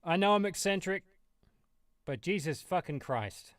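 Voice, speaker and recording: A man's voice: sits high, animated, unhurried, a bit bright, no echo, clean studio sound. A man streaming and ranting in profane, sarcastic, rambling commentary.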